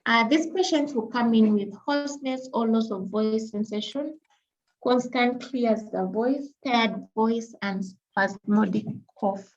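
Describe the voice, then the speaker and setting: A woman's voice: a little high, measured pace. A woman giving a patient, explanatory medical lecture as a teacher. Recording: dull lo-fi recording.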